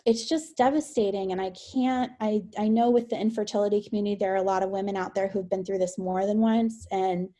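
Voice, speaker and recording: Soft-spoken young woman recounting a loss. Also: medium pitch, fairly even intonation. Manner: soft-spoken, halting, with many fillers. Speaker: podcast guest. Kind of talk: emotional personal interview.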